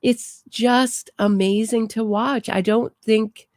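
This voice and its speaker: A woman's voice: low-pitched, animated, unhurried, darkish tone, no room sound, studio quality. A woman hosting a true crime show, chatting casually and amused as she reacts to footage. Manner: amused, chatty, laughs often. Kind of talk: casual live-stream reaction commentary.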